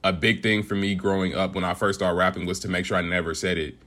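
A man, a hip hop artist, answering interview questions in an earnest, measured way and laughing easily. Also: deep voice, flat delivery, fairly bright tone. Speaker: guest rapper.

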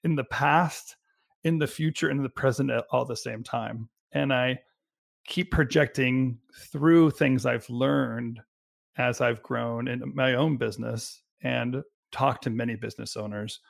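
Male podcast co-host, gravelly mid-pitched voice, halting delivery full of restarts. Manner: halting, restarts sentences often. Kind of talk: casual business discussion.

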